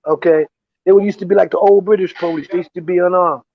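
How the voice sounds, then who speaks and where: Older man, high voice, emphatic. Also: steady tone, fast talker, lo-fi sound. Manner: emphatic, repeats "you see?" with many restarts. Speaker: guest, veteran activist. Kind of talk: political interview talk. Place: lives in Ghana, remote interview.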